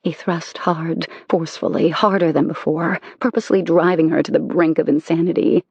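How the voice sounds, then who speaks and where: An audiobook narrator reading a romance novel in an intimate, measured way. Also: mid-range voice, fairly even intonation, gravelly, darkish tone, husky, no echo, lo-fi sound.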